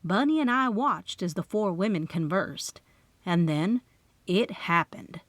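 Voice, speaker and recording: A woman narrating a cozy mystery audiobook in first person, expressive and playful. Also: on the low side, a little slow, no echo. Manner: expressive storytelling with character voices.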